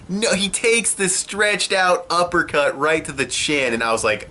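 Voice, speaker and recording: A young man giving an excitable, profane casual review of an anime episode from a room at home. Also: medium pitch, normal speed. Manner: excitable and profane, swears often.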